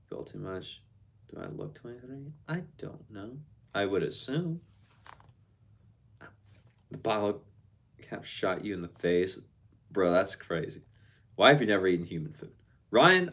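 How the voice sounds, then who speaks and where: A man's voice: fairly low pitch, a bit bright. A man casually chatting on a live stream, reading out viewer comments and answering them in a laid-back, slangy way.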